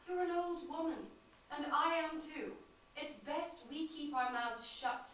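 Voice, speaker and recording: A woman's voice: sits high, measured pace, slight background noise. A woman playing a cautious old neighbour woman. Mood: cautioning. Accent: Irish. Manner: calm, warning, hushed. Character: older village neighbour woman, cautious counsel. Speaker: stage actor. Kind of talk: stage play performance. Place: theatre stage. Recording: echoey stage from far off.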